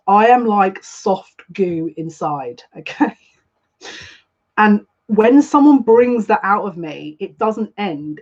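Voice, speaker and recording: A woman chats her way through a live psychic card reading, rambling from thought to thought and wearing her feelings openly. Her voice sits at a middling pitch for a woman. The stream audio is a little dull and lo-fi. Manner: chatty, rambling, openly emotional. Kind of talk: live collective tarot reading.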